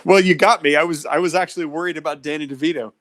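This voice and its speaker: A man's voice: on the high side, fairly even intonation, fast, fairly bright tone. A man hosting a call-in radio show from his home office, talking casually into a cell phone in an easygoing, jokey way and chuckling often.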